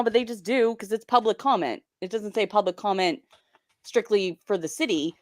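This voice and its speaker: A woman's voice: medium pitch, expressive, quick pace, no room sound, studio quality. A woman hosting a live stream, reacting to clips and chatting with viewers in a drawling, sarcastic way. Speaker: stream host. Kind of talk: casual live-stream commentary.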